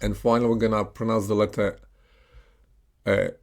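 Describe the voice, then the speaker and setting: A man with a British accent teaches English pronunciation, reading single words one at a time for students to repeat after him. His voice is lowish, creaky and darkish, with a flat delivery. He enunciates each word slowly and deliberately, pausing between them.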